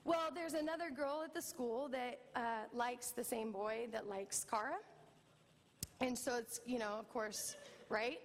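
A middle-aged woman pastor preaching a sermon, telling a family story with lively, animated delivery. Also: fairly high pitch, unhurried, big-room sound. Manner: storytelling, animated, acts out quoted voices. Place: church.

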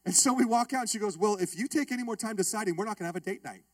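A male pastor telling a funny story in his sermon, joking with and calling out to the congregation in a lively way. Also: high voice, rapid-fire, no room sound. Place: church.

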